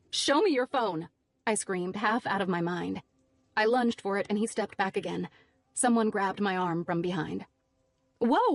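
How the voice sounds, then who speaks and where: A woman's voice: on the low side, a little mellow, no echo. A woman narrating a thriller audiobook in the first person, tense and driven.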